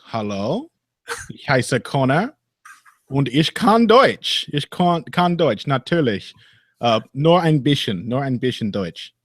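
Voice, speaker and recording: A man putting on a halting, hammy German accent as a joke in a casual podcast chat. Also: mid-range voice, sing-song, fairly bright tone, no room sound, full character voice. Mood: joking. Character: man speaking German in a playful put-on accent.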